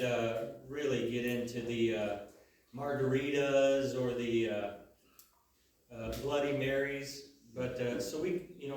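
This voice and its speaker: Halting stand-up man in an echoey room. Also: medium pitch, recorded from a distance, a little hiss or hum. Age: 30s. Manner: halting, full of uhs and repeated starts. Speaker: stand-up comedian. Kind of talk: stand-up comedy set. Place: comedy venue before a live audience.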